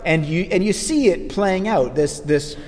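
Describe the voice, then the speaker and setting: A man preaching a sermon in a lively, conversational way, acting out quotes as he goes. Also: high-pitched, measured pace, big-room sound.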